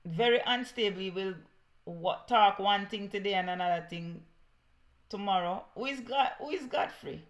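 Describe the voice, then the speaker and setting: A woman's voice: mid-range voice, normal speed. A woman with a Jamaican accent giving heated political commentary, scornful and mixing patois with English.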